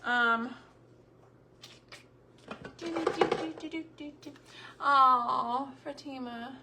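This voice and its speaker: A middle-aged woman chatting casually on a homemaking livestream, searching for words between fillers, her throat a bit hoarse. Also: sits high, extremely slow, heavy background noise. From Texas. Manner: chatty, warm Southern drawl with frequent fillers and word searches.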